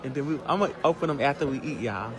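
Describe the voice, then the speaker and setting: A man's voice: medium pitch, lively intonation, fast, over music, crowd noise. A man filming a casual vlog clip from a restaurant booth, chattering nervously and gushing.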